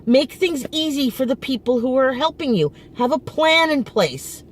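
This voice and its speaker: A woman's voice: sits high, animated, moderate pace, slight background noise. A middle-aged woman vlogging outdoors in front of her apartment, venting with frustration and emphasis and often restarting her sentences. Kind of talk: casual personal venting.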